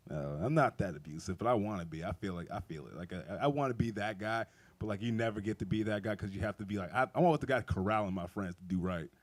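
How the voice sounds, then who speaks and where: Low-voiced man rambling through stand-up. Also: fast talker. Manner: rambling, profane storytelling with frequent laughs. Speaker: stand-up comedian. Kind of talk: stand-up comedy set. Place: outdoor backyard show.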